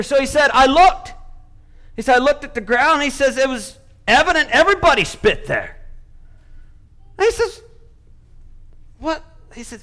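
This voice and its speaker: A man's voice: very high voice, lively intonation, moderate pace, pauses often, sharp tone. A man preaching a sermon, retelling a story with quoted speech and building to emphatic points.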